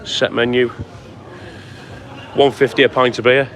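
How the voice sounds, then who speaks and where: Walking outdoors through town at sunset, a man live-streams and greets his viewers by name while chatting. His medium-pitched voice is fairly bright, moves little in pitch, and runs a little slow, with faint outdoor street noise around him.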